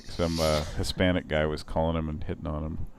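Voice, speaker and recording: A man co-hosting a prank call show in relaxed, rambling banter with some chuckling. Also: very deep voice, brisk, background noise. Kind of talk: casual banter.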